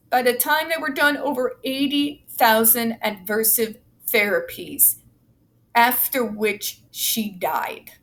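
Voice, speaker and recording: A woman's voice: on the high side, fairly bright tone. A woman giving angry, blunt commentary as she reads from a report, swearing heavily and sarcastic. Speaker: autistic advocate commentator.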